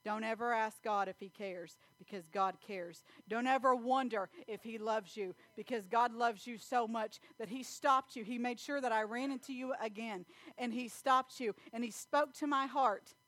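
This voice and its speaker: A woman preaching a sermon in church, telling stories and acting out scenes with loud animated bursts. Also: a little high, normal speed, no room sound. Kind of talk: sermon with storytelling.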